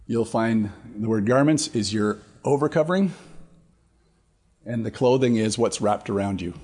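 Husky-voiced man teaching scripture. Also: on the low side, a little mellow. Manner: conversational, with frequent fillers and restarts; reads scripture aloud with rising emphasis. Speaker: Bible teacher. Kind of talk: Bible study teaching.

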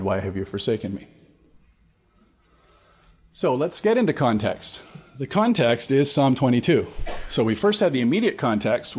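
Man, Bible study teacher, husky voice, middle pitch, casual with fillers, emphatic scripture reading. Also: darkish tone. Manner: conversational, with frequent fillers and restarts; reads scripture aloud with rising emphasis.

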